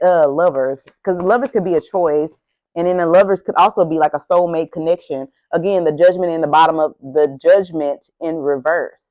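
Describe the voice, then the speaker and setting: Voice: mid-range voice, a little mellow, lo-fi sound. An adult tarot reader doing a casual reading to camera, speaking bluntly and emphatically with lots of profanity and a heated, ranting delivery.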